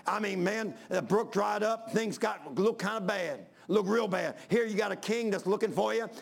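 Preacher guy in church, high gravelly voice, repeats himself and hollers. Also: normal speed. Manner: emphatic, repetitive, building to shouts. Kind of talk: sermon. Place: church before a congregation.

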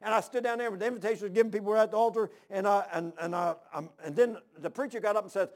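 A man's voice: sits high, very fast, few pauses. A man preaching a folksy, storytelling sermon, repeating his phrases. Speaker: pastor.

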